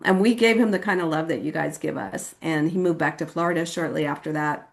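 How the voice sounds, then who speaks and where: A woman's voice: fairly quick, vocal fry. A woman from California sharing her personal recovery story at a meeting, chatty and casual, often saying "like" and acting out quoted voices. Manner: casual and chatty, with frequent "like" and "you know what I mean"; acts out quoted voices with sudden high pitch.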